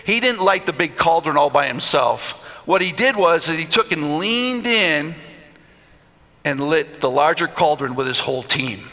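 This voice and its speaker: A man's voice: a little high, a little slow. A middle-aged man preaching a storytelling sermon in a church, acting out the voices of the people in his stories. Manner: animated, acts out voices in stories. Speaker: pastor. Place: church hall. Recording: long hall reverb.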